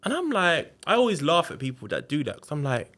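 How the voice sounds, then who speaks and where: A man's voice: fairly high pitch, a little fast. A man, telling a story on a podcast in a casual, slangy way and acting out the voices of the people in it. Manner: animated, acts out quoted voices, slangy. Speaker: podcast guest.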